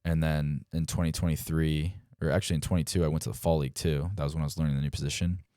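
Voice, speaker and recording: Very deep, smooth-voiced young man. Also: very fast, no room sound, clean studio sound. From Delaware, United States. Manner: relaxed, heavy use of "like" and "um", acts out quotes. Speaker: guest, professional baseball player. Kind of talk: casual storytelling interview.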